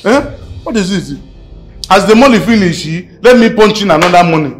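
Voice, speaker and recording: A man's voice: sits high, lively intonation, brisk, music in the background. An actor playing a flashy rich man who boasts about money, with a Nigerian accent and a habit of repeating himself. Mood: boastful. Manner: boastful, repeats words, pidgin-flavored English. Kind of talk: film acting.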